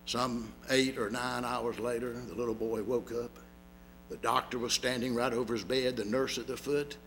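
A man preaching a sermon, telling a story dramatically and swinging from loud to hushed. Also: mid-range voice, steady tone, normal speed, a little hiss or hum. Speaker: pastor.

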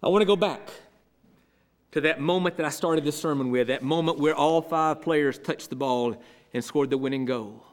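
Guy preaching a sermon, fairly high voice, goes from big loud lines to almost whispering, lots of repetition. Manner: dramatic swings from loud declarations to hushed near-whispers; rhetorical repetition, measured preaching cadence. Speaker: pastor.

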